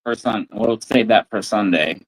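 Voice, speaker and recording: A man's voice: on the low side, normal speed, no room sound, rough recording. A man co-hosting a casual livestream, speaking hesitantly with many fillers. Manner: hesitant, filler-heavy, laughs along. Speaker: co-host.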